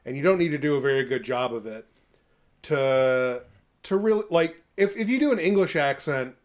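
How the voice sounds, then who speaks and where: A man's voice: medium pitch, expressive, moderate pace. A man co-hosting a podcast in casual chat, rambling and self-deprecating with many fillers. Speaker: podcast co-host.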